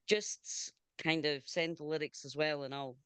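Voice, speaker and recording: A woman's voice: low voice, fairly even intonation, fairly bright tone, clean tone, no echo. A Scottish woman hosting a radio show, chatting enthusiastically with a guest over a video call. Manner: chatty and enthusiastic, quick to laugh. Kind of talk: casual video interview chat.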